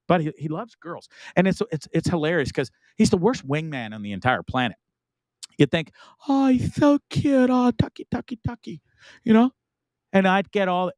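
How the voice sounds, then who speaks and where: A man's voice: a little high, darkish tone, no room sound. A middle-aged man from Canada hosting a live online talk show, rambling and enthusiastic in casual chat. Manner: rambling, enthusiastic, frequent laughs and asides.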